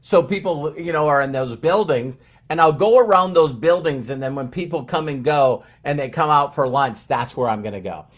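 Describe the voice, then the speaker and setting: A man's voice: on the high side, normal speed, hardly any pauses. A middle-aged man speaking as a motivational speaker, telling a story with lots of stammered repeats and restarts. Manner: animated, stammering repetitions. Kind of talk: storytelling talk.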